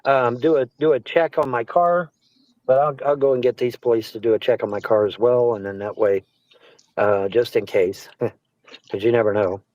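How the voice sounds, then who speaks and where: A man's voice: medium pitch, fairly even intonation, normal speed, dry recording, muffled recording. Rambling, stammering man telling stories. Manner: rambling storyteller, stammers and repeats words, swears. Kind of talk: casual chat.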